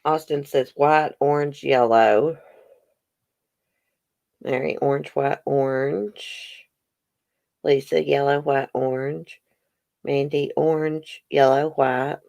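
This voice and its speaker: A chatty livestream host reads trivia questions aloud and answers viewers' guesses, mouth now and then full of food. The voice sits at a middling pitch. The sound is dry and close, with no room around it. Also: fairly even intonation, slow, creaky, long pauses, darkish tone, no room sound. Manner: talks while chewing a brownie. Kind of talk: casual livestream trivia chat.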